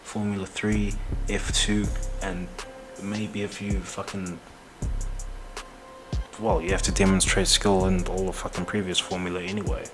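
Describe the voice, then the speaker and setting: A man's voice: low voice, level tone, a little slow, music in the background. A man hosting a casual commentary show, rambling and heated, swearing often and laughing between points. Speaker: podcast host.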